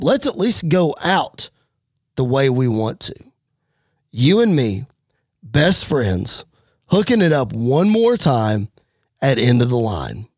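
Man putting on a loyal wrestler, low subdued voice, earnest, game story, dry close sound. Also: dry recording.

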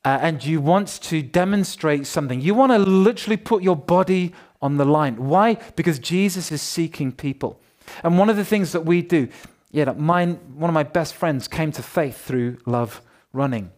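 A man preaches in a church hall, his voice sitting a little high for a man. He talks to the congregation in a lively, joking, conversational way, full of asides. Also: moderate pace. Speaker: pastor. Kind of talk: sermon with church notices.

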